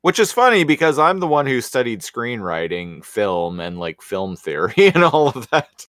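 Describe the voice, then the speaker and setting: A man's voice: medium pitch, sing-song, normal speed, fairly bright tone, dry recording, clean studio sound. A man co-hosting a casual chat, making wry joking asides. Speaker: podcast co-host.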